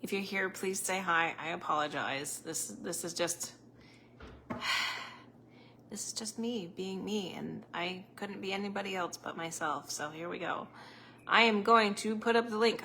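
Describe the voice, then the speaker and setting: A woman's voice: fairly low pitch, normal speed, sharp tone, a little hiss or hum. A woman hosting a casual live stream as a psychic medium at home, close to the camera, rambling and chatty and laughing often.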